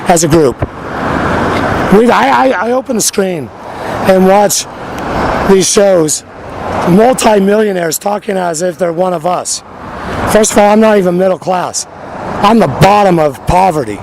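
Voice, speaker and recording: A man's voice: high-pitched, expressive, a little slow, long pauses. A man hosting a street radio show, talking in a rambling, repetitive, emphatic monologue outdoors by a busy road. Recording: outdoor recording with loud traffic noise.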